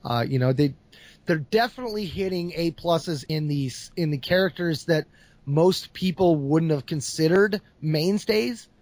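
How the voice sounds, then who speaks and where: High-voiced animated storyteller, man. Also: unhurried, dry recording. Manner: animated storyteller, laughs often. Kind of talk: casual chat, retelling a comic.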